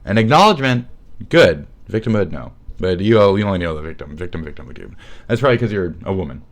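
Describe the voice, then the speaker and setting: A man's voice: on the low side, big pitch swings, fast talker. A man streaming live and ranting, sarcastic and mocking, with heavy swearing.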